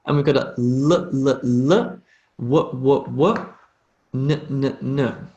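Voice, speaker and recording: A man's voice: mid-range voice, a little mellow, dull audio. A man with an Australian accent teaching English pronunciation in a live online lesson, drawing out model phrases for students to repeat. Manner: slow, drawn-out model phrases for repetition.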